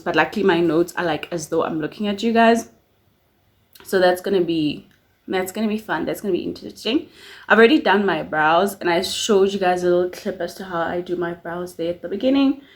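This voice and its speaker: A young woman chatting casually in a recap vlog, talking in a lively way with many fillers and asides while she does her makeup at home. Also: medium pitch. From South Africa. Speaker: YouTuber.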